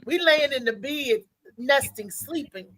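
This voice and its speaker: A woman's voice: sits high, expressive, a little slow, fairly bright tone, low-quality recording. A woman co-host animatedly telling a story in casual chat, laughing as she goes.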